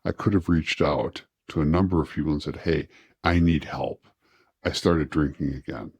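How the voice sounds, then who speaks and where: Very deep-voiced man, reflective and halting. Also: a little mellow, no echo. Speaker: interview guest. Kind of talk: candid personal interview.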